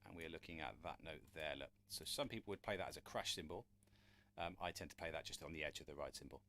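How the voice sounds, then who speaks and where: A man's voice: very deep voice, fast, sharp tone, a little hiss or hum. Chatty man teaching drums live. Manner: chatty, encouraging, asks viewers for questions. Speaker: drum teacher. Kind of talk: live-streamed drum lesson. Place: room with a drum kit. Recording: drums and counting heard behind.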